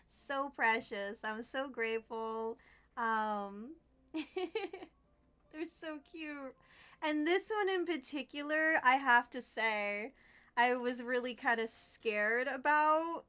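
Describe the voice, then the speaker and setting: A young woman with a high voice chats slowly and warmly to her viewers as she crafts on a livestream. She gushes and giggles as she talks, unhurried and easy. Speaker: streamer. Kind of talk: casual crafting livestream chat.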